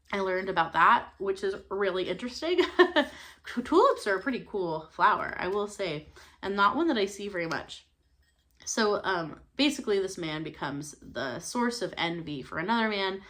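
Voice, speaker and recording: A woman's voice: mid-range voice, fairly bright tone. A young woman hosting a book channel, chatting casually about her reading with many fillers and small laughs. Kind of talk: casual book review chat.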